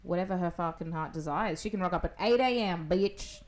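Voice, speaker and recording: A woman's voice: on the low side, a little fast. A woman co-hosting a podcast in casual chat, blunt, jokey and sweary, recorded indoors at home. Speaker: podcast co-host.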